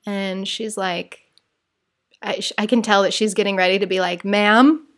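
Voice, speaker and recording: A woman's voice: medium pitch, flat delivery, moderate pace, fairly bright tone. A woman telling a travel story in a chatty, rambling way, acting out the quotes. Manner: chatty, digressive, acts out quotes. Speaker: vlogger. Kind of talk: casual storytime.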